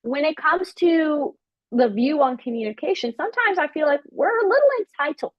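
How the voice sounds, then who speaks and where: High-pitched woman teacher preaching with emphatic repetition, dry and slightly muffled recording. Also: moderate pace, no echo. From Africa. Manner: emphatic, animated, repeats key phrases. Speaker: prophetic ministry teacher. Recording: dull lo-fi sound.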